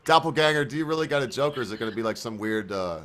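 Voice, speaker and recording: Bright, loose-talking male host. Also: medium pitch, lively intonation, racing. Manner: laughs often, loose and rambling. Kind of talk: casual chat.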